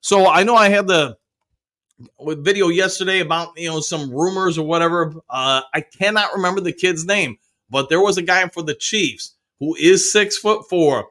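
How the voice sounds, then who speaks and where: A chatty middle-aged man hosts a casual live stream. His voice sits a little high and sounds bright and forceful. He reads viewer comments aloud and cheers them on. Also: normal speed. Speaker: host of a live fan show.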